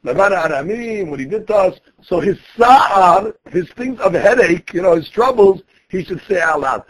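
A man's voice: high voice, lively intonation, moderate pace, a little hiss or hum. A man teaching a Talmud lesson, explaining each quoted phrase and restating his points in a conversational way.

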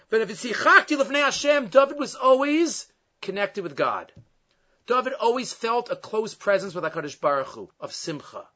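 A man with a notably high voice teaches a Torah lecture as a rabbi. He tells it with animation, weaving Hebrew verses into his English. The recording sounds dull and lo-fi. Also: a bit bright.

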